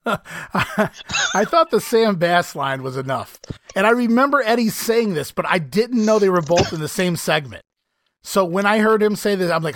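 Male podcast host, lively and incredulous, dry close mic. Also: high voice, moderate pace, dry recording. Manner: animated, laughs often, incredulous. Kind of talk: casual podcast commentary.

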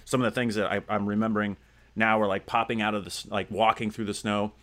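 Male host, lowish voice, loose chatty delivery full of "like"s and restarts. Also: little pitch movement, quick pace, a bit bright. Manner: rambling, lots of fillers and restarts. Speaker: podcast host. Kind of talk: casual chat.

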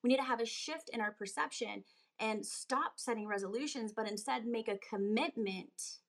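A woman fitness coach giving an emphatic motivational talk on a live stream, building to urgent, pressing delivery. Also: moderate pace. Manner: emphatic, rising to pitched urgency. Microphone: phone on a live video.

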